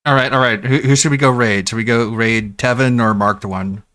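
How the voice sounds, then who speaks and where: A man's voice: mid-range voice, brisk, no room sound, clean studio sound. A man streaming live, chatting casually and laughing with an AI chatbot. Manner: laughing, relaxed, playful. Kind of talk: casual livestream chat.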